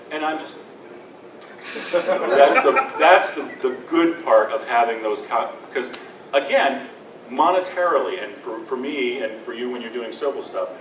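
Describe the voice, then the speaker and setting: A man's voice: mid-range voice, a bit bright. A man, a lawyer, telling stories to a convention audience with laughs and mimicked quotes. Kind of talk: animated storytelling to an audience. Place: convention panel room. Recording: echoey room from far off with noise.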